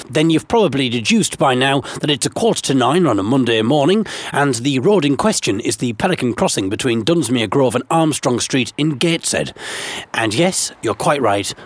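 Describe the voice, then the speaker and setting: A man telling a comic first-person story in a dry, sarcastic, wry manner. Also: mid-range voice. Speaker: narrator and host of a comic series.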